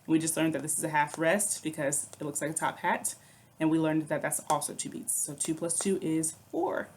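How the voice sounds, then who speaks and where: A woman's voice: low voice, steady tone, a little fast, slight background noise. A woman teaching a music lesson, patiently explaining rhythms, counting aloud and chanting rhythm syllables. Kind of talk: recorded online music lesson.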